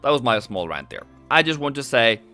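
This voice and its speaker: Male streamer, bright forceful voice, chatty and rambling, faint music underneath. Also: medium pitch, sing-song, a little fast. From Norway. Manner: rambling and chatty, often self-correcting. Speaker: trading streamer. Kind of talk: live market commentary.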